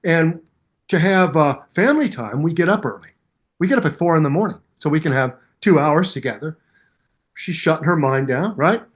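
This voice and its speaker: An older musician talking as a guest in a casual interview, telling animated stories and mimicking voices and sounds. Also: male voice, fairly high pitch, moderate pace.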